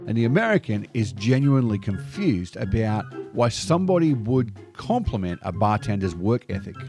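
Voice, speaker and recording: A man with an Australian accent telling stories to camera in a lively, slang-filled monologue. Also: mid-range voice. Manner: lively anecdotal delivery sprinkled with slang. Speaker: video host. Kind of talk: scripted storytelling monologue.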